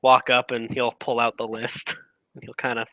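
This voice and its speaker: A man's voice: mid-range voice, level tone, moderate pace, fairly bright tone, dry recording, poor audio. A man describing his character's actions in a tabletop game, speaking hesitantly. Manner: hesitant, laughing often. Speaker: player.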